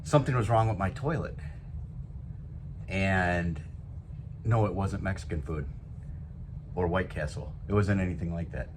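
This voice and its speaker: Upbeat low-voiced man hosting a show. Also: measured pace, pauses often. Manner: upbeat, rambling, self-joking. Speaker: show host. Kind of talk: solo motivational talk show. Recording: noisy background.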